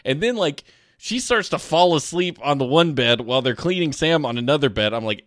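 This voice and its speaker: A man's voice: fairly high pitch, expressive, a little fast, a bit bright, no echo, clean studio sound. A man co-hosting a podcast, chatting casually, joking and laughing often. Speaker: podcast co-host. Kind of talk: casual chat.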